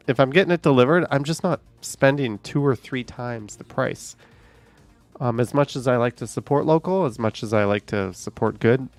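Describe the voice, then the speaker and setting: A man's voice: medium pitch, no room sound. A man live streaming, chatting casually with viewers, rambling and swearing at voice assistants when annoyed.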